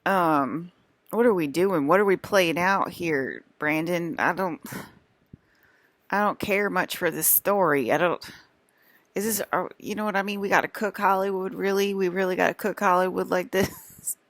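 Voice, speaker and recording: Talking to camera for her vlog, this young woman has a lowish, slightly bright voice and a moderate pace. The recording has no room sound, and her casual monologue wanders, circling back with plenty of fillers and false starts.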